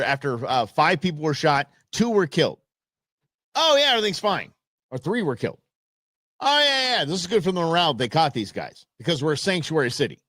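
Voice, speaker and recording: A man's voice: fairly high pitch, a bit bright, dry recording, studio quality. A man hosting a commentary show, reacting to a news clip with sarcastic, heated remarks that swing between mocking outbursts and muttered asides. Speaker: host.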